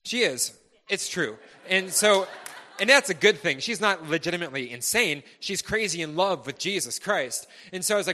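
A bright, ringing male voice, pitched a little higher than most, preaches to a congregation. He tells his testimony earnestly and with passion, rising to fervent peaks and then dropping to a hush. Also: expressive, normal speed. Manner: earnest and impassioned, swinging between loud and hushed.

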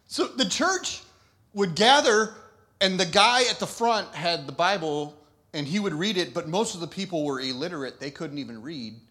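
A man with a notably high-pitched voice delivers a sermon in a loose, conversational way. He laughs often and breaks off mid-thought to start sentences over. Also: lively intonation, a little slow, pauses often, bright, forceful tone. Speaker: pastor.

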